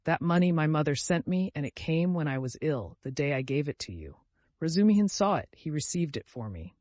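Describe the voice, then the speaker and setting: A man's voice: a little high, sing-song, fairly quick, darkish tone, no room sound. A man voicing a tormented young man confessing a murder, speaking in an anguished, pleading way.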